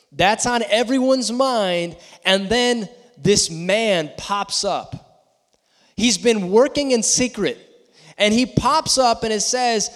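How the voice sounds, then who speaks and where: High-voiced preacher in a reverberant hall. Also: male voice. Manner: builds to loud emphatic peaks, then drops low and slow. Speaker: guest pastor. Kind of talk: sermon. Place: church sanctuary.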